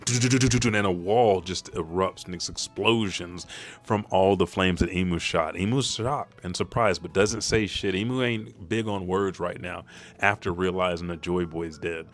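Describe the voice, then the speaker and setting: A man recaps manga chapter events as a spoiler commentator, swearing freely and telling it in an animated way. He speaks at a moderate pace and bursts into high-pitched quotes to act out the characters' lines.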